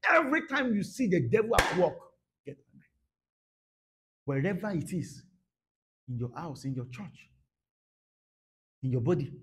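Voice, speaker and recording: A man preaching a sermon, dramatic, dropping to soft murmurs and then bursting out, repeating phrases for emphasis. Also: on the high side. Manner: repeats phrases for emphasis, laughs at his own points. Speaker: pastor.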